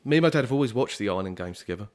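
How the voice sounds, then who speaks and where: A man's voice: on the low side, lively intonation, racing. A young man from southeast England, a musician guest chatting casually in a podcast interview, easygoing and rambling with lots of fillers.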